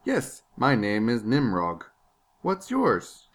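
A man's voice: medium pitch, huge pitch swings, slow pace, exaggerated voice. A man voicing an oblivious, matter-of-fact young gnome. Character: oblivious cheerful male gnome, blunt.

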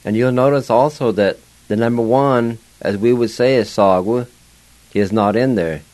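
A man's voice: mid-range voice, moderate pace, a little mellow, low-quality recording. A man teaching a language lesson on the radio, spelling words out letter by letter and pronouncing them with care.

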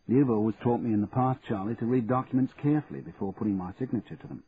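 A man's voice: medium pitch, fast talker, lightly acted. A man voicing a bewildered young woman. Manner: questioning, bewildered. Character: young woman, puzzled but composed. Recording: tinny narrow band, faint hiss.

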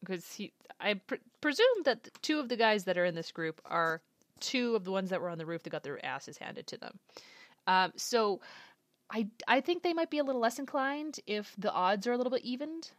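A woman's voice: mid-range voice, expressive, normal speed, dry recording. A woman giving casual reaction commentary on an anime episode, thinking aloud and guessing what comes next. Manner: chatty, speculative, thinking aloud.

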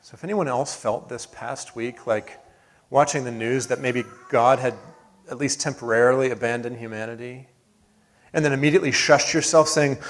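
A man preaching a sermon as pastor, earnest, building to emphatic peaks and then dropping soft. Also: medium pitch, normal speed. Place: church sanctuary.

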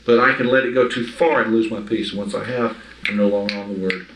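A man's voice: on the low side, steady tone, a little fast, a bit bright. A man giving informal Bible teaching to a small group, talking in a conversational, emphatic way and often checking that his listeners understand. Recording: echoey room, mic from afar.

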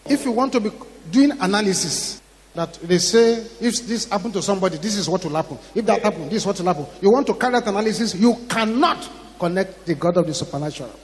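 A man with a Ghanaian English accent preaching a sermon, telling a story dramatically, acting out the voices in it and rising to shouts. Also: high voice, animated, quick pace. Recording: long hall reverb.

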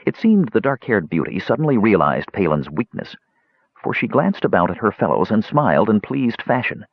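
Male audiobook narrator, low husky voice, lively storytelling, dull dry recording. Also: normal speed, no echo. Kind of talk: scripted fantasy narration.

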